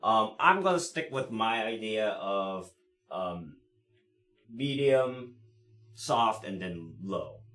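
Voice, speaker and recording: Slow-talking male cello teacher. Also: fairly low pitch. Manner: relaxed explaining, many fillers and "right?" checks. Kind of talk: live online music lesson. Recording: roomy sound with cello playing. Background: cello playing between phrases.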